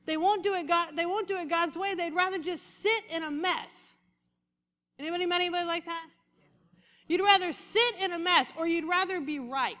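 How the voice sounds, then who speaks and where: A woman preaches with lively energy, dropping low and slowing down for quoted lines and then climbing back up. Her voice sits high and sounds bright and sharp. A long reverb trails each phrase, as if she speaks in a large hall. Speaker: pastor. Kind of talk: sermon.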